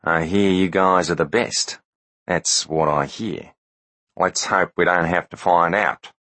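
A man voicing a swaggering, taunting bodyguard with a New Zealand accent and a slow drawl, in a storybook reading. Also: deep voice, sharp tone, no room sound, exaggerated voice. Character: swaggering bleached-blond bodyguard, threatening.

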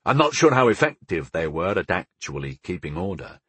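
Expressive male audiobook narrator, husky. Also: low voice, fairly quick, no echo. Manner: expressive, storytelling. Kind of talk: first-person fantasy narration.

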